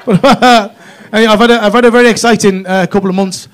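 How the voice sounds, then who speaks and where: A middle-aged man with a northwest English accent performs a stand-up set on a comedy club stage. His voice sits fairly high for a man. He talks in a chatty, cheeky way and keeps checking in with tag questions. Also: fairly even intonation, fast, fairly bright tone, slight background noise. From Runcorn, northwest England.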